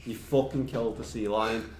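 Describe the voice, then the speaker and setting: A man's voice: on the low side, steady tone, normal speed, roomy sound, slight background noise, close to an everyday voice, low-quality recording. A man doing a furious, swearing park boss. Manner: shouting, heavy swearing, bullying.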